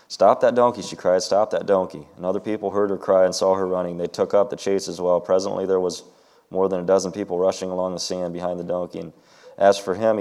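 A man with a low, warm voice reads a story aloud to a group. Afterward he talks informally and hesitantly about Bible stories, full of ums and restarts.

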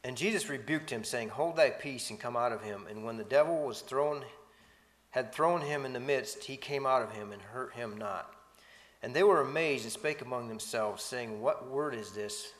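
A man in a reverberant space reads scripture aloud and comments between the passages. He stumbles and restarts now and then. His voice sits at a middling pitch. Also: normal speed, a bit bright. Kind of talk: Bible study reading and commentary.

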